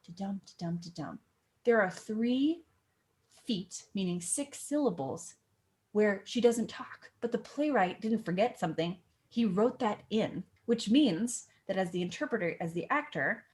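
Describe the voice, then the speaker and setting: Playfully and with lots of animation, a young woman breaks down a monologue one line at a time for her acting lesson, her medium-pitched voice punching the important words.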